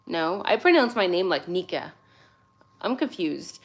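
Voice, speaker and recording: With a lowish, sing-song voice and an unhurried pace, a woman in her forties runs a casual livestream on her phone. English is not her first language. She greets viewers by name and comes across as chatty, sassy, weary, and caffeinated.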